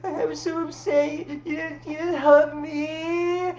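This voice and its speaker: A woman mimicking a clingy, dramatic young woman who whines in a breathy, drawn-out way. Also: sits high, flat delivery, a little mellow, highs cut off, voice pushed up. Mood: whiny. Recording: roomy with faint background hum.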